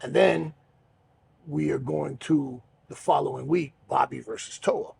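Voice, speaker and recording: A middle-aged man hosting a podcast, telling stories in a relaxed, rambling way, swearing freely. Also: fairly high pitch, a little slow, creaky, a little hiss or hum. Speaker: podcast host and pro wrestler. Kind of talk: casual storytelling chat.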